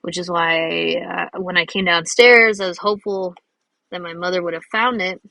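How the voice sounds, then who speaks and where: A woman's voice: on the low side, steady tone, moderate pace, gravelly, sharp tone, no room sound, rough recording. A young woman telling a rambling personal story in a chatty way, with lots of fillers and restarts, while drawing. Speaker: drawing video host.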